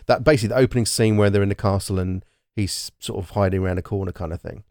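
A man's voice: lowish voice, fast talker, a little mellow, no room sound, studio quality. A British man chatting casually about a film, talking in bursts with lots of restarts and the odd swear word. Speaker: podcast co-host. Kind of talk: casual film-discussion chat.

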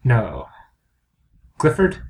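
A man's voice: medium pitch, huge pitch swings, extremely slow, a little mellow. A man co-hosting a comedy podcast in casual chat, rambling, crude and self-mocking. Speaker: podcast co-host.

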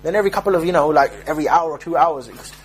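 This preacher's voice is husky and a little high, and he talks very fast. He's a young man delivering an informal religious talk full of jokey, streetwise anecdotes, imitating the characters as he goes.

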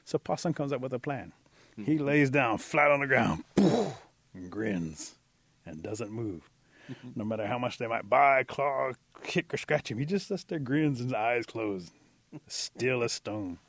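A man's voice: medium pitch, animated, unhurried, a bit bright, dry recording. A man narrating a folk tale in a vivid, playful way, with sound effects. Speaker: storyteller. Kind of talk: animated folk-tale storytelling.

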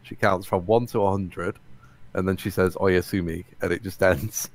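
A man's voice: deep voice, steady tone, moderate pace. A man co-hosting a casual podcast chat, easygoing and steering the talk along. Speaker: podcast co-host.

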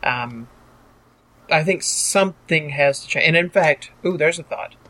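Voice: medium pitch, unhurried, fairly bright tone. A young adult podcast co-host chatting casually, often hesitating with fillers.

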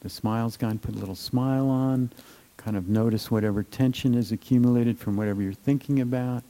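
Gravelly, dark-voiced male meditation teacher. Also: mid-range voice, poor audio. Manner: gentle, unhurried, with many fillers and trailing phrases. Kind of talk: meditation talk.

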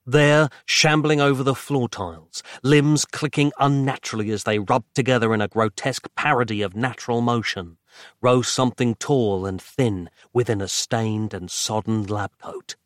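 A man narrating a horror audiobook with dramatic, measured pacing. His voice sits at a middle pitch. It is recorded dry and close on a studio mic. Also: dry recording.

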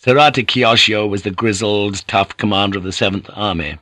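A man reading an audiobook with measured, even storytelling. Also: lowish voice, dry recording. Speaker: audiobook narrator. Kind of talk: scripted narration.

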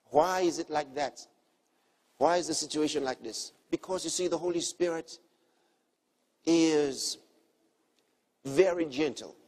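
Man, preacher, sermon, slightly high voice, husky, earnest, repeats key lines. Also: a little slow, pauses often. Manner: earnest teaching, repeats key phrases, swings between soft and emphatic.

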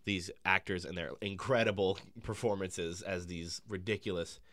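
A man's voice: deep voice, steady tone, normal speed, a bit bright, no room sound, clean studio sound. A man chatting casually about a film, hesitant, with frequent ums and restarts, laughing easily.

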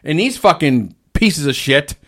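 A man in casual conversation, swearing freely and telling stories about his fast food job, mimicking the voices of the people in them. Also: on the high side, lively intonation, fairly bright tone. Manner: profane storyteller, mimics people in shifting voices. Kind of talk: casual chat.

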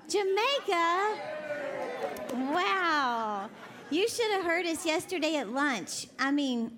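High-voiced woman preaching. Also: fairly bright tone. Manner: chatty, jokey, laughs often, then earnest. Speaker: conference speaker and minister. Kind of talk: sermon to a women's conference. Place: conference session hall.

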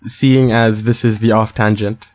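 A man's voice: fairly low pitch, level tone, measured pace, a little mellow. A man co-hosting a casual podcast, chatting loosely and spelling out web and email addresses. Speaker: podcast co-host.

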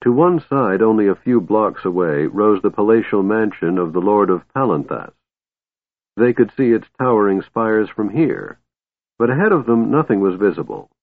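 A man narrating a fantasy story in an expressive storytelling manner, on a dry, tinny phone-like recording. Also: lowish voice, normal speed, no room sound. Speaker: audiobook narrator. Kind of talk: scripted narration.

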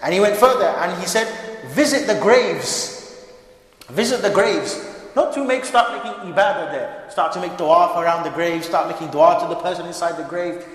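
Preacher, man, higher voice, lively joking sermon, booming hall reverb. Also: brisk. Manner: lively, joking asides to the congregation. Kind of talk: mosque sermon. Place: mosque hall.

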